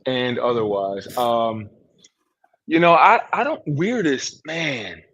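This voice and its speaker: A man's voice: medium pitch, expressive, slow pace, fairly bright tone. A man talking as a guest in a casual podcast conversation, a storyteller who keeps dropping "man" and "you know". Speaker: guest, former player working with team alumni. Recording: dull lo-fi sound.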